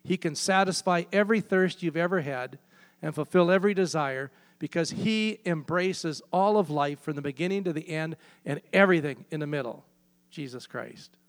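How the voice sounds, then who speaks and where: Man preaching a sermon, high voice, long hall reverb; emphatic, hammers key phrases. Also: normal speed.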